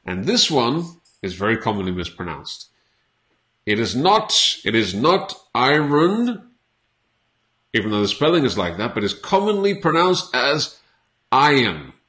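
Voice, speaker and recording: A male English teacher talks casually to his viewers, joking as he goes. His voice moves up and down a lot. He says each word again and again, slowly and clearly, so learners can copy it. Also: medium pitch, big pitch swings, fairly bright tone. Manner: playful, repeats words slowly for learners. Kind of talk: casual on-camera English lesson.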